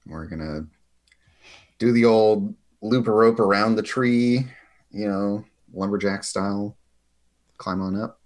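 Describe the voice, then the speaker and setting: A man with a low, deep voice plays in a tabletop game session. He chats casually, trading quick joking guesses with the table. Faint clicking sounds come through behind him. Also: a little mellow. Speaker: player.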